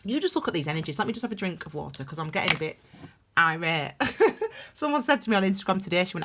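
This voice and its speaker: A woman's voice: on the low side, sing-song, quick pace, fairly bright tone. A woman giving a casual spoken tarot reading to camera, talking emphatically and rambling with many restarts. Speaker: tarot reader.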